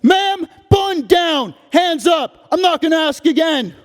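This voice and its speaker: A man's voice: extremely high pitch, lively intonation, slow, big-room sound, pitched above the performer's own voice, heavily acted. A male stage performer playing police officers who bark commands during a raid. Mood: barking orders. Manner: barked commands.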